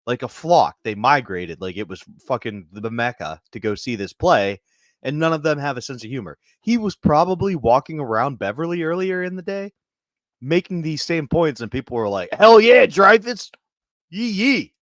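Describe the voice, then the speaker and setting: A man co-hosting a comedy podcast, riffing in an animated, profane way. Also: medium pitch, normal speed, no room sound, studio quality. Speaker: podcast co-host. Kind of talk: casual comedic chat.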